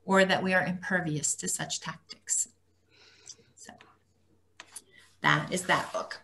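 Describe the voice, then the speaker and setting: A woman with a fairly low voice leads a casual book discussion. She reads jacket copy and chapter titles aloud. She adds dry, wry comments for her listeners. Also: steady tone, unhurried, long pauses, sharp tone. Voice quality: chatty, reads blurbs aloud, wry asides. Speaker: book talk host. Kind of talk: casual book review talk to a group.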